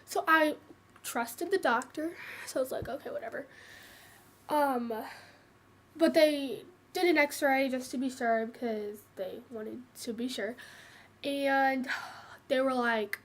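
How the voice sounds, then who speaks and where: Teen girl vlogging, high voice, lots of ums and restarts, casual. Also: slow. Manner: hesitant, many fillers and restarts. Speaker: vlogger sharing her cancer story. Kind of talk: casual personal storytelling.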